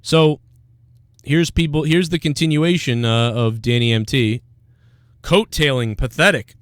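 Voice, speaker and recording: A man's voice: medium pitch, measured pace, smooth, no room sound. A man hosting a livestream, ranting in an aggrieved tone and reading out chat comments. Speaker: livestream host.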